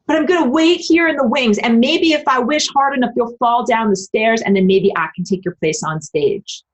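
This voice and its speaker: A woman's voice: a little high, normal speed, lightly acted, rough recording. A woman voicing a jealous, scheming understudy star. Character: jealous brown dwarf understudy waiting in the wings.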